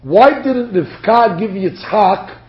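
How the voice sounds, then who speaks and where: Animated man teaching a Torah class. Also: high voice, slow pace. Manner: animated, acts out quotes. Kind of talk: lecture to a class. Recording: dull lo-fi lecture recording.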